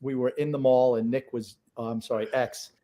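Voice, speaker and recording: A man's voice: mid-range voice, steady tone, moderate pace, crowd noise. A middle-aged man co-hosting a casual podcast, telling stories in a blunt, teasing way. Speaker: co-host, father.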